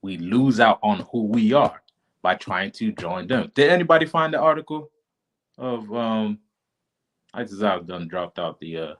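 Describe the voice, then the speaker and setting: A man's voice: fairly low pitch, big pitch swings, measured pace, poor audio. A man teaching a class casually over a live stream, informal and often checking in with his listeners.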